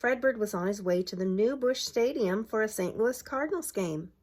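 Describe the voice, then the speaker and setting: Story time finds a middle-aged preschool owner reading a picture book aloud at a moderate pace, her medium-pitched voice full of lively intonation. She asks the children questions and points at the pictures as she shows each page, switching to a bright, exaggerated voice for cheers.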